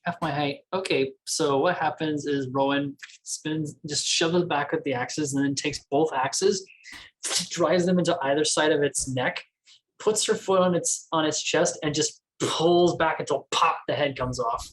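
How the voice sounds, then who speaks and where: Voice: mid-range voice, a little slow, low-quality recording. Tabletop player, casual, relishes describing action.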